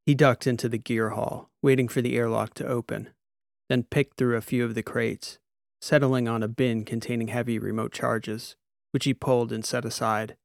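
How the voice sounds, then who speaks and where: A man narrating a sci-fi audiobook in a steady, even storytelling voice. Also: medium pitch, moderate pace, vocal fry, dry recording, studio quality.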